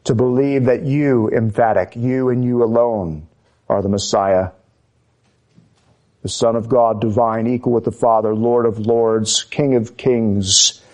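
A man preaching a sermon, speaking in a measured, emphatic way and pressing his listeners with repeated rhetorical questions. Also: mid-range voice, fairly even intonation, a little mellow.

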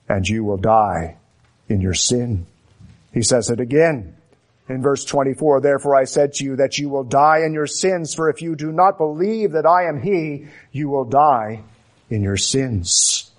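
Slow, emphatic male preacher. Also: mid-range voice. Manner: slow, emphatic, repeating phrases with dramatic pauses. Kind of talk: sermon.

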